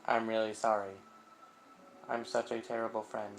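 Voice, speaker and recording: A man's voice: fairly low pitch, level tone, normal speed, a little hiss or hum, natural voice, rough recording. A man reading the lines of a guilt-ridden teenage girl who leads a school club, in an earnest, self-blaming tone. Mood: guilty.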